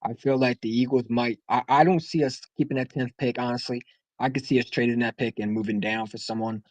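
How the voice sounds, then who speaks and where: A man's voice: medium pitch, fairly even intonation, brisk, a little mellow, no echo, low-quality recording. Rambling, heated male caller. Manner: rambling, heated, many restarts. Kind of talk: casual sports call-in chat.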